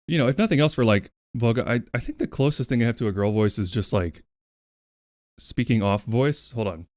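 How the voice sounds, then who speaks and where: A man's voice: medium pitch, lively intonation, brisk, darkish tone, dry recording. Guy on a cozy stream, chatty and playful, voice bouncing all over, dry close mic. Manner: chatty, thanks viewers by name, playful. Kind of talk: casual livestream chat.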